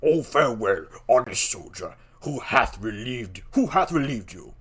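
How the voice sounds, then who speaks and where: A man voicing an earnest, gruff male officer of the watch, low and deliberate. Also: very animated, a bit bright, heavily acted.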